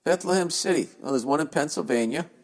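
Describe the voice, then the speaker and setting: A man's voice: fairly high pitch, fast talker, in a large hall. A man hosting a podcast, reading listener emails aloud and ranting about them in a profane, exasperated, sarcastic way. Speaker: podcast host.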